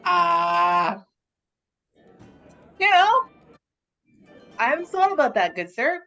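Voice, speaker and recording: A woman's voice: high voice, sing-song, very slow, pushed and bright, soft background music, heavily acted. A woman playing a timid, flustered cat-like rogue, speaking hesitantly and stammering, on slightly muffled audio. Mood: nervous.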